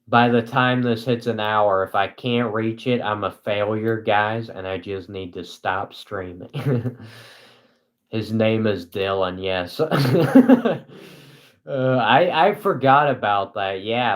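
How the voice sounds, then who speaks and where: Monotone, slow-talking young man streaming. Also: lowish voice. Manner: monotone and dry, self-mocking. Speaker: live streamer. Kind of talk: casual live stream chat.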